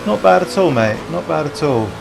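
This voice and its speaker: English bloke streaming a racing sim, chatting with chat, bit of gravel in his voice. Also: a little high, lively intonation, normal speed, over music. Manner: chatty, matey, chatting with viewers while driving.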